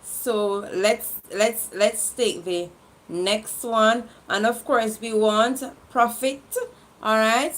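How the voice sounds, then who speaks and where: A woman hosting a livestream game, reading out viewer comments in an affectionate, lively way and laughing often. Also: fairly high pitch. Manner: lively and affectionate, laughs often, shifts quickly between loud and soft.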